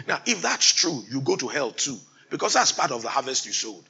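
Preacher, male, bright tense tone, builds to forceful emphatic sermon delivery. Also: mid-range voice, big pitch swings, a little fast, vocal fry, hardly any pauses, husky, poor audio. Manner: rising to loud emphatic exhortation, mimics timid believers.

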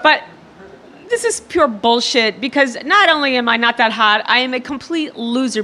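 A woman's voice: a little high, sharp tone. A woman from New York City telling a funny true story in a self-deprecating, profane way. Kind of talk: comic true-story monologue.

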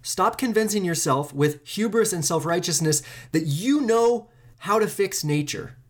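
A podcast host delivering an impassioned solo monologue, emphatic and preachy. The host repeats phrases for effect, swears casually, and swings widely in pitch and pace between lines. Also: lively intonation, a little slow.

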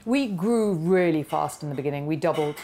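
A woman's voice: sits low, fairly quick, a little hiss or hum. A middle-aged woman, a company founder, telling her story in an interview and acting out the voices of the people in it. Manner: animated, acts out quoted dialogue.

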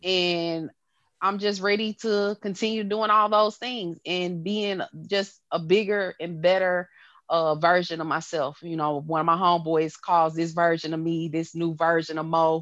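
A woman in her thirties hosts a podcast in a loose, candid monologue. Her voice sits a little low, and she fills her talk with asides and keeps breaking into laughter. The sound is dull and lo-fi, with a dry, close feel. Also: flat delivery, fairly bright tone, dry recording. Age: 30s. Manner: drawn-out pauses and filler-heavy phrasing. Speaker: podcast host.

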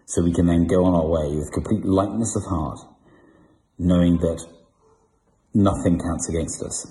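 Man, minister, very low voice, dark mellow tone, slow solemn prayer. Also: steady tone, rough recording. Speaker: minister leading confession. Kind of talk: liturgical prayer and invitation.

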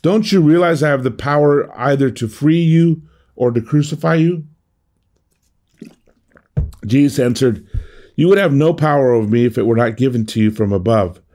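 A man's voice: mid-range voice, normal speed, long pauses, darkish tone. Earnest man preaching with restarts. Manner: earnest, with frequent restarts and repeated words. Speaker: pastor. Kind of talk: sermon.

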